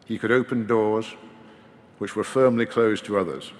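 A man delivering a formal memorial eulogy in a measured, gently wry manner at a podium microphone. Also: lowish voice. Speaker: eulogy speaker. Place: large hall at a memorial service. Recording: long reverb of a large hall.

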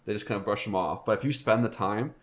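A man's voice: lowish voice, fast talker. A young man telling rambling work stories with frequent laughs in a casual podcast chat. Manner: rambling storyteller, laughs a lot. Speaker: podcast co-host.

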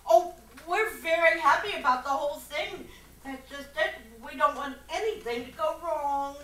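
A woman acts a kindly elderly aunt who talks in a soft, earnest, motherly way. Her voice is high and bright. It is picked up from a distance in a reverberant hall with light hiss. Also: normal speed. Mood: gentle, earnest. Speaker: stage actor. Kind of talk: amateur stage play. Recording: echoey stage, far mic, light noise.

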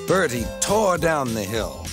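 A man narrating a children's storybook in a lively, animated way. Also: medium pitch, unhurried. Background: music.

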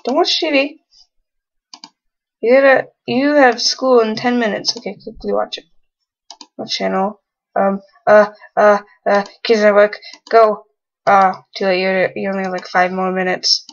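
With a steady, slightly slow delivery in a mid-range voice, a young woman casually narrates her life-sim gameplay and teases the characters. She's a let's play gamer. The audio sounds dull.

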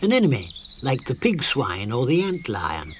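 A British man voicing an excitable young male troll creature in a storybook cartoon, talking in eager, boastful bursts. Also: medium pitch, moderate pace, slight background noise. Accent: British English.

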